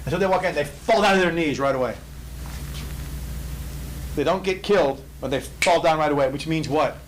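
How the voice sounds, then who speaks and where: A male Bible teacher with a fairly high voice, hammering points home by repeating them. He tells the story in an animated, emphatic way, with a faint hum of room noise behind him. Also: normal speed, rough recording.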